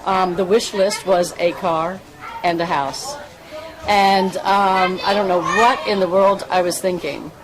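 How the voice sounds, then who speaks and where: A woman's voice: medium pitch, fairly even intonation, unhurried, poor audio. A woman giving a heartfelt, rambling speech at a ceremony as a volunteer fundraiser, often restarting her sentences. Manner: earnest, rambling, with many restarts. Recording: crowd noise behind the speaker.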